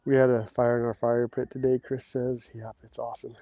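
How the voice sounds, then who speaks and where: A man's voice: medium pitch, level tone, a little fast, hardly any pauses, mellow, dry recording. A man, hosting a casual outdoor livestream and chatting with viewers while he works. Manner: chatty, reads out viewer comments. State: out of breath at times. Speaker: livestream host. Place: outdoors, digging post holes.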